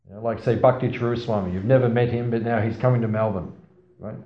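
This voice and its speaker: A man's voice: lowish voice, fairly even intonation, fast. Man teaching scripture in a roomy hall. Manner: storytelling, asks the audience questions, playful asides. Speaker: class speaker on scripture. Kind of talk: scripture class talk. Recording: roomy, slightly dull sound.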